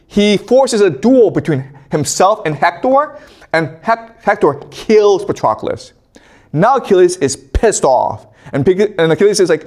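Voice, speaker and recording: Lively male history lecturer. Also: high voice, measured pace. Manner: animated, checks in with the listener with frequent "okay?". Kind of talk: casual storytelling lecture.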